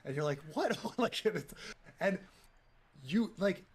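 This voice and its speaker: A man's voice: high-pitched, expressive, slow pace. A man from the United States chatting casually, rambling with lots of fillers and restarts and swearing freely. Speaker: gaming streamer chatting. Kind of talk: casual chat.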